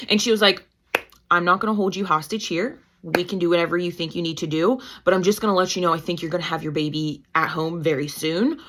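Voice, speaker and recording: Woman, 30s, podcast guest, lowish voice, animated storytelling, acts out quotes. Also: fast talker. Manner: animated, quotes herself with pitch jumps. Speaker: guest, certified nurse-midwife and mother. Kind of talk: casual storytelling interview.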